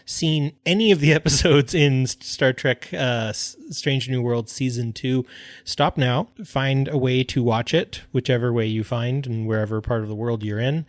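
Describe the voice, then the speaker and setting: A man's voice: medium pitch, steady tone, normal speed, no echo. A man co-hosting a podcast in a chatty manner with many fillers. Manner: chatty, with frequent fillers and restarts. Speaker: podcast co-host. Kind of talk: casual podcast chat.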